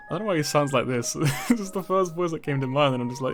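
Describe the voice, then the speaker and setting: A streamer giving casual gameplay commentary in quiet asides, with swearing and laughing. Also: medium pitch, fast, few pauses. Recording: game music under the voice.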